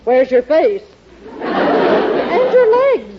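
An actress playing a fussy, excitable middle-aged mother in a 1940s radio sitcom, exclaiming and flustered. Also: sits high, very slow, over a noisy crowd, very noisy, heavily acted. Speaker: comic mother. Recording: muffled old radio broadcast with audience. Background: studio audience laughter.

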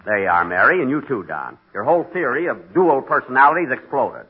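A man's voice: medium pitch, big pitch swings, a little fast, breathy edge. A man starring in a 1940s radio comedy, talking in an exasperated, bickering way. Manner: exasperated, arguing with himself. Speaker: comedy star of the show. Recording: lo-fi old radio broadcast.

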